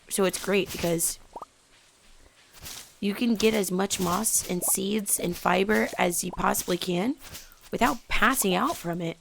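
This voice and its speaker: A woman hosting a casual let's play, chatting excitedly and sometimes dropping into whispers as she plays. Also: medium pitch, gravelly, a little hiss or hum. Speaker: gaming channel host.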